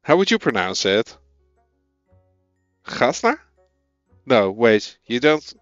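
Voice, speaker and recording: A man's voice: medium pitch, sing-song, moderate pace, dry recording, highs cut off, faint music behind. A man with a Dutch accent, a native Dutch speaker, thinking aloud as he codes and chatting with viewers on a casual live stream.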